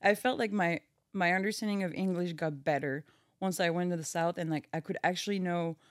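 A woman's voice: on the low side, a little fast, dry recording. A woman with a French accent, a podcast guest chatting casually and peppering her speech with "like". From France. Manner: chatty, filler-heavy with many "like"s. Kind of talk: casual chat.

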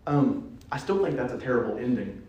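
A man preaching a sermon in a church, playful and animated, dropping suddenly to a hush. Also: mid-range voice, fairly quick, lo-fi sound. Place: church sanctuary. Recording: echoey church hall.

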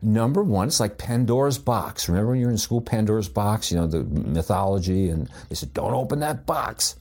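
Husky, low-voiced older man telling a story. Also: fairly quick. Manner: rambling, with frequent restarts and filler; amused, lively retelling. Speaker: psychologist. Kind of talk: personal anecdote storytelling.

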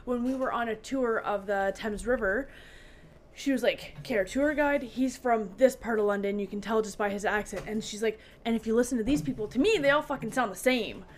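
A woman with a somewhat high voice talks through a story in a loose, chatty way, full of "like" and restarts. Faint noise sits under her voice. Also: fairly quick. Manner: chatty, storytelling with many fillers. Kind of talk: casual podcast chat.

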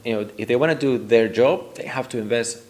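Man guest on a podcast, mid pitch, talks it through carefully, lots of "right?". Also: brisk, darkish tone. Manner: thoughtful, often tags statements with "right?". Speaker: guest expert. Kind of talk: podcast conversation.

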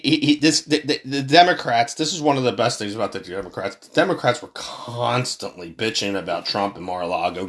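Brief: a fuming male commentator who swears and trips over his words, voice neither high nor low. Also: fairly bright tone. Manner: heated, swearing, repeats himself. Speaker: political commentator. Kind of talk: angry profane political rant.

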